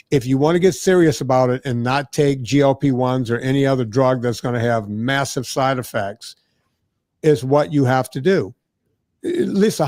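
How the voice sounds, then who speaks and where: Brief: male fitness guest, chatty storyteller, mimics people he quotes, dry close sound, middle pitch. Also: no echo. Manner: animated, acts out quoted people, frequent "right?" tags. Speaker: diet and fitness expert guest. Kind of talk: casual conversational storytelling.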